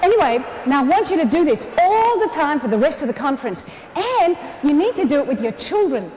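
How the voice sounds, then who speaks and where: An Australian woman giving a humorous, animated keynote speech on a conference stage, talking straight to the audience. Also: high-pitched, brisk. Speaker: keynote speaker. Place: large conference hall. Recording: echoey conference hall, some room noise.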